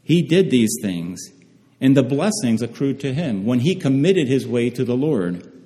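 A man preaching a sermon, reading scripture slowly and measuredly, often pausing and restarting phrases. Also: mid-range voice, big pitch swings, dark tone. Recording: reverberant hall.

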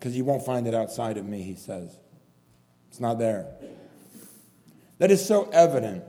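A man's voice: mid-range voice, very animated, normal speed, dark tone. A man preaching a sermon in a church, pleading and impassioned, repeating his phrases for emphasis. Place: church hall. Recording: long hall reverb.

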